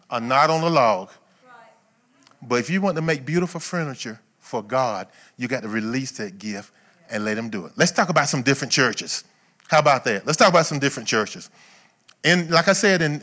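Folksy preaching man with a higher voice. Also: bright, forceful tone. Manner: conversational preaching with repeated rhetorical questions; folksy, colloquial phrasing. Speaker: pastor. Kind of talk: sermon.

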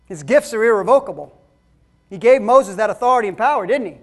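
A man's voice: high voice, lively intonation, fast. A man preaching a sermon, emphatic and calling the congregation folks.

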